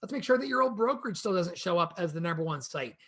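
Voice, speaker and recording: A man presenting a real estate training session in an energetic, conversational way, speaking to a co-host and the viewers. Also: high voice, quick pace, creaky, husky.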